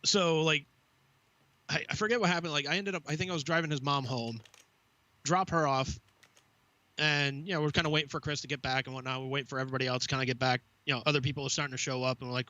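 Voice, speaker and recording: Male podcast co-host, animated storyteller, foul-mouthed, crisp tense tone, dry close mic. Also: mid-range voice, fast, no room sound, muffled recording. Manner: swears freely, storytelling with quoted asides. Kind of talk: casual podcast chat.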